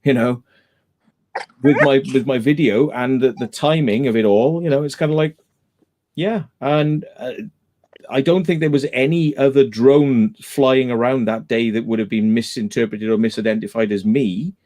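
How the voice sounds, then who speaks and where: A man's voice: medium pitch, normal speed, a little mellow. A man hosting a live stream in casual chat, retelling a dispute emphatically and going back over the same points.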